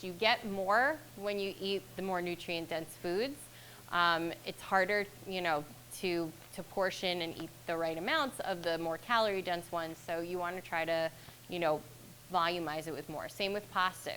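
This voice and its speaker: Bright-voiced chatty woman dietitian. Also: fairly low pitch, a little hiss or hum, low-quality recording. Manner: chatty, relaxed, laughs at herself. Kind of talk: nutrition talk to a fitness class.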